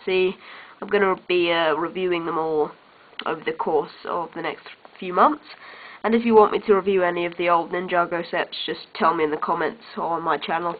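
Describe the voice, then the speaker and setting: A woman's voice: fairly low pitch, steady tone, brisk. A woman chatting casually and offhandedly as she reviews a toy set. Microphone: built-in camera mic. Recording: tinny lo-fi camera audio.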